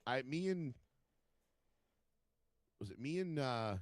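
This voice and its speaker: A man casually telling profane, animated stories as a podcast co-host and acting out other people's lines. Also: mid-range voice, takes it slowly, no room sound. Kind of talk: casual chat, storytelling.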